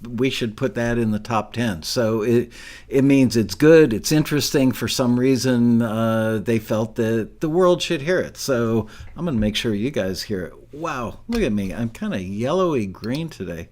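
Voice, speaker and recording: A man hosting a live stream, talking in a relaxed, rambling, self-deprecating way. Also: mid-range voice, moderate pace. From Southern California. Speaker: show host. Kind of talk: casual live-stream chat.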